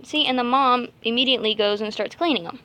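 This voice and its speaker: A woman's voice: fairly high pitch, fast, sharp tone. A woman chatting casually in a home vlog, rambling and cooing to her pet rabbits while filming with a handheld camera. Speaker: vlogger.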